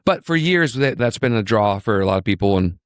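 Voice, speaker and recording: A man's voice: on the low side, lively intonation, fairly quick, dry recording, clean studio sound. A man from Virginia, a podcast host, chatting casually and telling stories with enthusiasm and plenty of repetition. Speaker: injury lawyer, podcast host.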